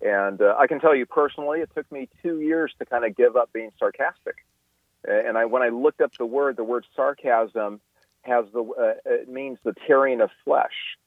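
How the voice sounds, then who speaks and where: A man's voice: mid-range voice, moderate pace, dry recording. Guy explaining stuff on a call-in, phone-quality audio, keeps restarting sentences. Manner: explanatory, with frequent restarts and fillers. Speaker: guest expert. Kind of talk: radio interview. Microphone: telephone. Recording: tinny phone line.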